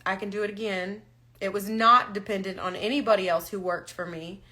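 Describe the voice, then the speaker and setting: A woman's voice: mid-range voice, fairly even intonation, fairly quick, pushed and bright. A woman talking candidly on a live stream, frank and emotional, holding back tears. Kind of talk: casual live-stream talk. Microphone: phone or webcam on a live stream.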